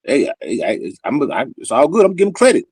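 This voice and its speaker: A man's voice: fairly high pitch, sing-song, fairly quick, a little mellow, slightly rough, no echo. A man on a boxing talk panel, blunt and opinionated, ending lines with "man". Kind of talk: heated sports debate.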